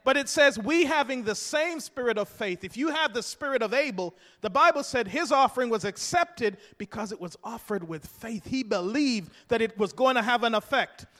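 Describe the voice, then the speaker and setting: A man preaching a sermon with passion, swinging from hushed, low-key lines to loud, shouted declarations. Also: animated, moderate pace, hardly any pauses. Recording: long hall reverb.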